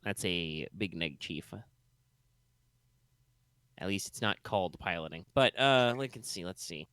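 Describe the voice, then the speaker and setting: A man's voice: sits low, expressive, measured pace, fairly bright tone, clean tone, no room sound. A man running a tabletop game as game master, narrating loosely with plenty of fillers and restarts. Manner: rambling, many fillers and restarts.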